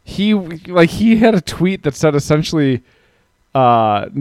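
A man's voice: fairly high pitch, very animated, a little slow, a little mellow. A man co-hosting a podcast in casual chat, rambling with lots of "like" and laughing often. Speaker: podcast co-host.

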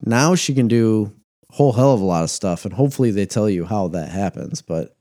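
A man's voice: lowish voice, animated, fairly quick, warm tone, dry recording, clean studio sound. An American man in casual banter, rambling and teasing with a laugh. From United States. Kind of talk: casual chat.

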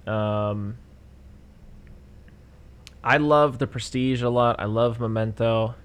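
A man's voice: medium pitch, fairly even intonation, takes it slowly, smooth. A young man in easygoing podcast conversation. He talks about films candidly and laughs along with his co-host. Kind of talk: casual chat.

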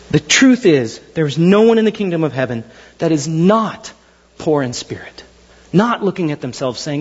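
A male pastor preaching a sermon, telling biblical stories with animated storytelling and acting out the figures. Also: a little high, normal speed, breathy edge, dull audio.

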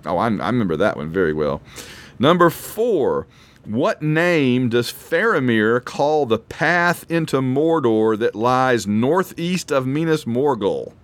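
A man's voice: medium pitch, very animated, slow pace. A man hosting a casual trivia quiz, rambling and self-deprecating as he reads questions and reacts. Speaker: quiz host.

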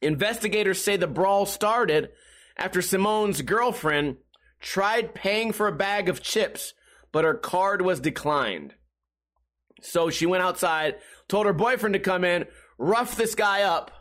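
A man's voice: high voice, measured pace, a bit bright. A young man hosting casual commentary, rambling and joking as he reads a news article aloud. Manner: rambling, joking, often laughing. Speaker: host.

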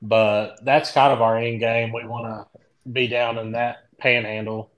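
A middle-aged man from Indianapolis with a Kentucky country accent, a podcast guest chatting loosely and telling stories in a drawn-out, rambling way. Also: mid-range voice, little pitch movement, a bit bright, rough recording. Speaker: guest, dent repair tech. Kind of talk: casual podcast chat.

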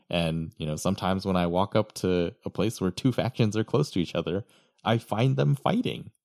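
A man's voice: low voice, gravelly, darkish tone, dry recording. A man in casual gaming chat, laid-back and rambling with lots of fillers, on a close mic.

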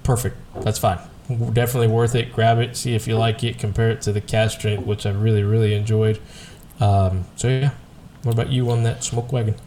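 A man's voice: lowish voice, little pitch movement, fairly quick, dark tone, slight background noise. A man co-hosting a podcast, talking in an easygoing, rambling way with many hesitations. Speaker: podcast co-host. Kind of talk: casual whiskey chat.

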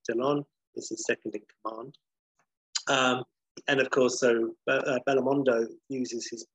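A man's voice: mid-range voice, breathy edge, no echo, poor audio. A man casually retelling a film plot, chatty with many fillers, acting out the dialogue.

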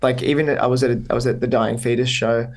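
A man's voice: mid-range voice, fairly even intonation, fast talker. A young Australian man with an Australian accent, guesting on a podcast and chatting in a rambling, upbeat way full of fillers. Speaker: guest musician. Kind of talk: casual podcast chat.

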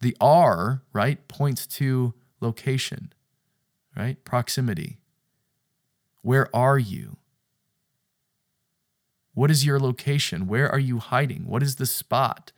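A man giving a sermon-style podcast talk, stressing his points by repeating phrases and moving from hushed near-whispers to loud bursts. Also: medium pitch, slow pace, pauses often.

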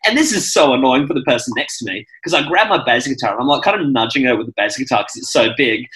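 Young Australian male radio co-host, sharp bright tone, chatty and playful. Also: mid-range voice, fast, rough recording. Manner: animated storyteller, laughs often. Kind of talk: casual radio banter.

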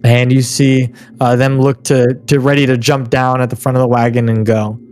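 A man's voice: mid-range voice, flat delivery, a little mellow. Man narrating as game master. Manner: loose, halting narration with many fillers.

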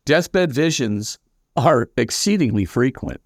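An older man, a priest as guest, telling stories in an animated way and acting out the voices of the people in them. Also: mid-range voice, slow, no echo, studio quality. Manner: lively, acts out quoted voices, many fillers. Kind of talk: animated anecdotal storytelling.

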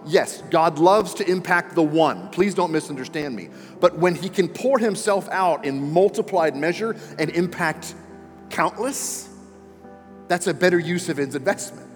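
A man preaching a sermon as pastor, speaking earnestly and emphatically, often repeating words for stress. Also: on the high side. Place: church auditorium. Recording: long reverb in a large hall, faint music.

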